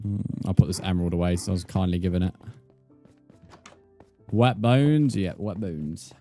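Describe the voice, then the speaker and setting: A man's voice: deep voice, normal speed, warm tone, faint music behind. A man, chatting casually with viewers while he plays a game on a livestream and calling them mate. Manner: laid-back, chatty, calls viewers mate. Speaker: game streamer.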